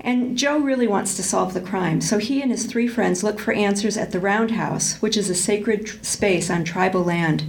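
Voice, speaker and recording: A woman's voice: mid-range voice, normal speed, gravelly, few pauses, a little hiss or hum, poor audio. A woman reading from a novel aloud and then talking it over thoughtfully, with frequent ums and restarts. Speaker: book discussion presenter.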